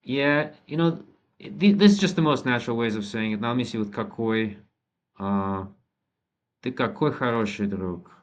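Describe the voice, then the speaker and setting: A man teaching a language lesson, thinking aloud with frequent ums and restarts and reading model sentences slowly. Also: mid-range voice, clear, resonant tone, muffled recording. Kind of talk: relaxed spoken lesson.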